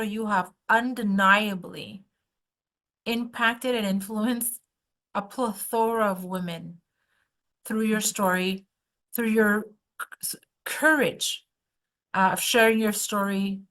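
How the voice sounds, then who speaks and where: A woman's voice: medium pitch, steady tone, a little slow, pushed and bright. A middle-aged woman hosting a podcast, effusive and gushing with thanks. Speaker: podcast host. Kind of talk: emotional podcast interview.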